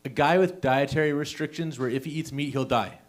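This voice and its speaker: A man's voice: a little high, fairly quick. A young man works the room in a small comedy venue during an open mic set. His talk is chatty and self-mocking, and he keeps breaking into laughter at his own jokes. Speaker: stand-up comedian.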